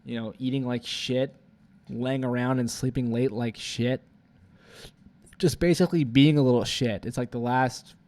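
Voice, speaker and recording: A man's voice: mid-range voice, a little mellow. A young man in his twenties, rambling through a profane, confessional vlog monologue full of "like" fillers. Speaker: vlogger.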